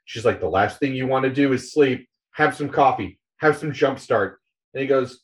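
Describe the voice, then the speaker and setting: A man's voice: mid-range voice, normal speed. Rambling man retelling a comic story. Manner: rambling, many fillers, acts out quotes. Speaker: podcast co-host recapping a graphic novel. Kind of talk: casual retelling with quoted voices. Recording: slightly dull, lo-fi audio.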